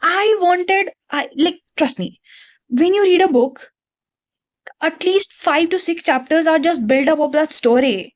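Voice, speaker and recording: A woman's voice: very high voice, a little slow. A young woman, reviewing a book to camera in an exasperated, ranting way. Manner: exasperated, ranting, talks straight to viewers.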